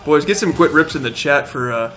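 A young man streaming a shooter game, excitedly narrating, shouting and laughing as he repeats himself. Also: fairly high pitch, fairly quick, a little hiss or hum. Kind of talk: excited gaming stream commentary.

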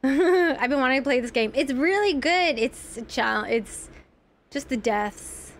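Slow, giggly young woman streamer. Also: high voice, animated. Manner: giggly, rambling, reads chat aloud. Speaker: game streamer. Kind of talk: casual live-stream chat while gaming.

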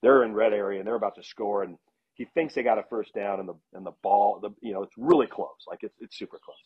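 A middle-aged man, a football analyst, casually telling animated stories as a podcast guest. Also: lowish voice, fast talker, husky. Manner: animated anecdotes with laughs and restarts. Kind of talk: casual storytelling in a podcast interview. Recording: dull lo-fi sound.

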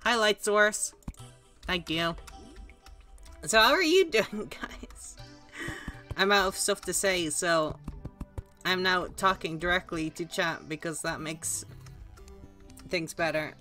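Woman streamer, low-ish voice with a bright edge, dry sarcastic chatter over faint music. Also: slow pace, pauses often. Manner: sarcastic, self-mocking, chatty. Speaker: gaming streamer. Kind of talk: casual live gaming commentary.

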